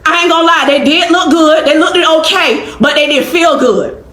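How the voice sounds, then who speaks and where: A woman's voice: sits high, moderate pace, fairly bright tone, reverberant. A woman vlogger telling a story in a casual, emphatic way and acting out the dialogue. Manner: emphatic, acts out quoted dialogue.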